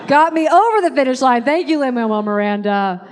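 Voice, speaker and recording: A woman's voice: sits high, lively intonation, a little fast. An Irish-born woman in her thirties with an American accent, doing a chatty, self-deprecating stand-up set on a club stage. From Ireland. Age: 30s. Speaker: stand-up comedian. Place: comedy club stage with live audience. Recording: live club audience laughing.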